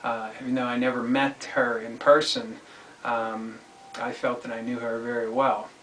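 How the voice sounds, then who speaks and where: A man hosting his own online commentary show, talking alone in a halting, deliberate way. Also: mid-range voice, little pitch movement, fairly bright tone. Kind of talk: solo spoken monologue. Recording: echoey room, distant mic, faint noise.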